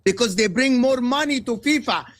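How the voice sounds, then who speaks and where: A man's voice: extremely high pitch, animated, moderate pace, fairly bright tone. A man from Egypt, a guest football pundit, ranting passionately about football on a live stream and repeating his points.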